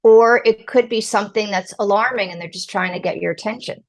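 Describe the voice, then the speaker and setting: A middle-aged woman, a podcast guest, giving parenting advice in an emphatic, animated way and acting out the lines she quotes. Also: mid-range voice, a little fast. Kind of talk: casual advice interview.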